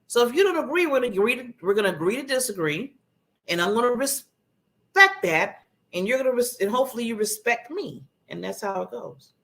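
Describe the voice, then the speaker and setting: A woman hosting her own talk show, giving a motivational talk in a conversational, animated way and acting out contrasting voices. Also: a little high, a little fast. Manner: conversational, laughs at herself.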